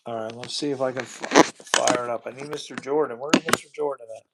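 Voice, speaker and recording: A man's voice: medium pitch, steady tone, brisk, creaky, background noise. A man hosting a casual livestream, rambling and repeating his words, often breaking into disbelieving exclamations. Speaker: livestream host.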